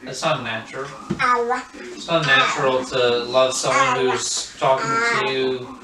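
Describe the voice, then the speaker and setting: A man's voice: mid-range voice, takes it slowly, roomy sound, far from the mic, over music, poor audio. Earnest man talking about faith. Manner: earnest, emphatic, insistent. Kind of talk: casual chat about faith.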